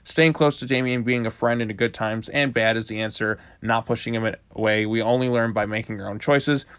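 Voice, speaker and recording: A man's voice: lowish voice, steady tone, fairly quick, fairly bright tone, clean tone, no room sound. A man giving a casual video review of a comic book, loosely retelling the plot with lots of "like" fillers.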